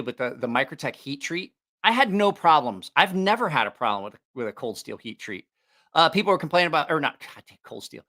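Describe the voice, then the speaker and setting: On the high side, pushed and bright, this man's voice carries a loose livestream about knives. He rambles as he chats, frequently backtracking to fix what he said and joking around.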